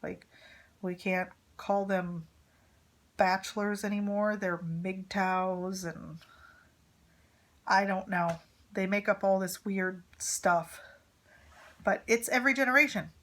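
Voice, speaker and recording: A woman's voice: medium pitch, fairly even intonation, slow, pauses often, fairly bright tone. A woman in her thirties, a mother vlogging to camera, telling a story in casual, rambling chat full of fillers and asides. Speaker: vlogger, mother of a teenage son.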